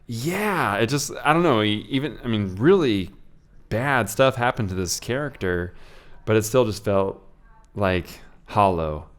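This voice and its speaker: A man's voice: lowish voice, expressive, unhurried. A man co-hosting a podcast, chatting casually about a film and often hesitating to find his words. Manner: hesitant, searching for words, many fillers. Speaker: podcast co-host.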